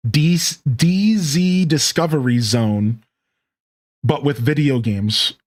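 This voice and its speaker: A man's voice: medium pitch, slow pace. A man streaming a game, chatting casually in a rambling, self-interrupting, reflective way. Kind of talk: casual gameplay stream chat.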